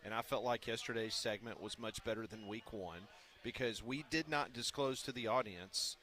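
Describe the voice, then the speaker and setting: Bright-voiced chatty radio co-host man. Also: lowish voice, normal speed. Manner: storytelling, chatty, teasing. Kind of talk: casual studio banter.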